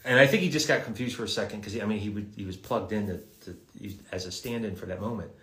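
A man, a voice actor, casually telling stories and answering fans' questions in a live session, in a halting way with frequent restarts and repeated words. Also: lowish voice, fairly bright tone. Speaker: voice actor guest at an autograph livestream. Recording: roomy echo.

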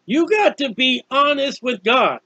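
High-voiced earnest man preaching. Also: animated, measured pace, bright, forceful tone, slightly rough, dry recording, muffled recording. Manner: earnest, conversational preaching with repetitions. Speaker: street preacher. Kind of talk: informal sermon on a psalm.

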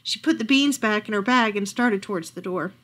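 A woman reading a picture book aloud at a library storytime, expressive and lively. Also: medium pitch, fairly quick.

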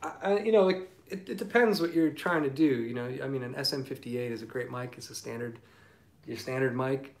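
Relaxed man chatting on a livestream. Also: mid-range voice, fairly quick. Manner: relaxed, rambling, with many ums and asides. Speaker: singer-songwriter hosting a livestream. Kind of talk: casual livestream chat reading comments. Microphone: phone mic.

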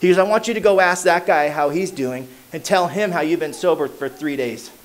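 Man, 30s or older, a bit high-pitched, casual slangy storyteller at a recovery meeting who softens at the heavy moments. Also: a little fast. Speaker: AA meeting speaker. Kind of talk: personal recovery story told to a crowd. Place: meeting hall.

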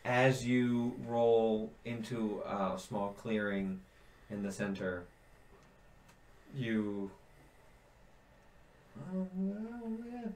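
A man's voice: on the low side, expressive, very slow, pauses often, a little mellow, slight background noise. A man narrating a tabletop game as game master, rambling with many fillers as he searches for words. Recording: roomy echo.

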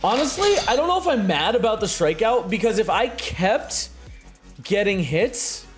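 Excitable young man, high lively voice. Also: moderate pace, soft background music. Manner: excitable, swings from muttering to shouting. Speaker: gaming streamer. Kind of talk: live gameplay commentary.

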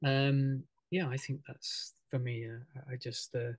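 A man, a musician guest on a radio interview, talking casually in a halting way, full of fillers and restarts, with frequent laughs. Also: medium pitch, flat delivery, no echo, rough recording. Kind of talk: casual radio interview over a video call.

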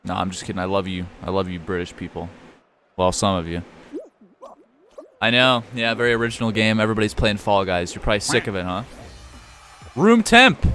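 A man's voice: fairly low pitch, animated, fairly quick, pauses often, sharp tone, slight background noise. A young man streaming a game, chatting casually with viewers, joking and swearing freely. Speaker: gaming streamer. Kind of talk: casual live-stream commentary.

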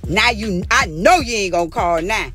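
A woman's voice: medium pitch, expressive, normal speed, a bit bright, faint music behind. A middle-aged woman livestreaming a profane, taunting rant, drifting into sing-song mockery. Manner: profane, taunting, heated trash talk. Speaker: social media personality.

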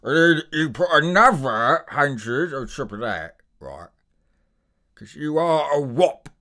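A man voicing a menacing middle-aged London gangster with a Cockney accent, a deep croaky throat voice and a blunt, swearing drawl. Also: animated, slow pace, pushed and bright, exaggerated voice. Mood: heated. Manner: swearing, drawling, probing questions.

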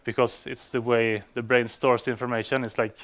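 A man's voice: mid-range voice, flat delivery, normal speed, a bit bright. A man giving a conference talk to developers, speaking English as a non-native speaker, with frequent fillers and restarts. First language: Swedish. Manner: hesitant, many fillers and restarts.

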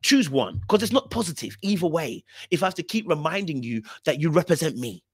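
A man's voice: on the high side, sing-song, brisk, slightly rough, dry recording, studio quality. A man with a British accent hosting a podcast, giving emphatic, repetitive commentary on reality TV clips. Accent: British English.

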